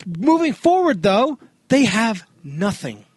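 Skeptical man with a high, dry voice. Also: sing-song, slow pace, breathy edge, no room sound. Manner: skeptical, pushes back bluntly. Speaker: podcast co-host. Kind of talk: casual chat.

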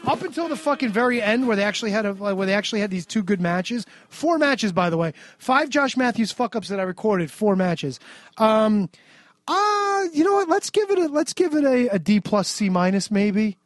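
High-voiced man ranting sarcastically. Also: sing-song, moderate pace, no room sound. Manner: ranting, sarcastic, heavy swearing. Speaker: podcast co-host recapping wrestling. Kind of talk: casual profane recap.

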